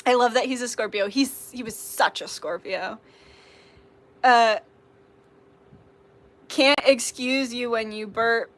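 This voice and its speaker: A young woman talks casually to viewers of her live tarot stream, reading their comments aloud and answering them. Her voice sits a little high and sounds bright and clear. She giggles often and swears without a second thought. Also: slow, long pauses.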